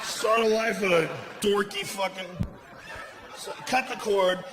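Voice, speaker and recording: A middle-aged man performing a loud, profane stand-up comedy routine, often shouting, before a laughing audience in a venue. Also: high voice, steady tone, measured pace. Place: large indoor comedy venue. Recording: echoey live venue with audience noise.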